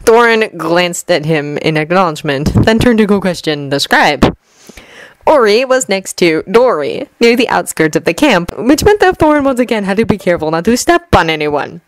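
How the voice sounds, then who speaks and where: Lady reading a fanfic story, lowish voice, gentle and even, real dry close mic. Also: moderate pace, no echo, rough recording. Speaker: fanfiction reader. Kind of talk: storybook narration with lightly acted dialogue.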